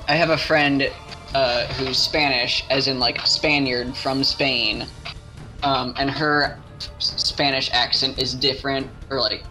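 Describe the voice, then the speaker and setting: A man's voice: medium pitch, sharp tone, low-quality recording. A man chatting casually on a call, rambling through his thoughts and laughing often. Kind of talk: casual chat.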